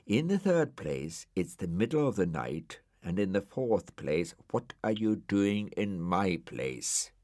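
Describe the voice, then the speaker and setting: A man voicing a grumpy, sardonic male dog who speaks slowly, clipped and withering. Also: low-pitched, animated, a little mellow, dry recording, studio quality, exaggerated voice. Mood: cold grumpy.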